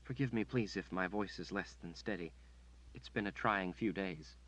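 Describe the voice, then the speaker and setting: A man voicing a demure, flattering noblewoman in an audiobook, speaking softly in a slightly raised voice. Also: lowish voice, normal speed, low-quality recording.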